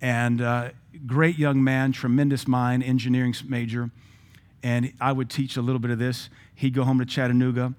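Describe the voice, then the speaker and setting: A man's voice: mid-range voice, little pitch movement, moderate pace, darkish tone. A middle-aged man, preaching a sermon as pastor, telling stories with acted-out quotes and blunt asides.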